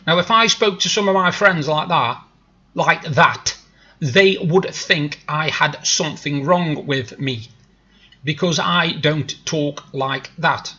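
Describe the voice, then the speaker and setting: A man with a thick Stoke-on-Trent accent rambles cheerfully to his viewers, self-deprecating and easygoing. His voice is bright and a little husky. The recording sounds slightly dull, like a cheap home microphone. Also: a little high, unhurried. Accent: Stoke-on-Trent (Potteries). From Stoke-on-Trent, England. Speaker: vlogger. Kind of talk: casual chat to camera. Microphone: new desktop microphone.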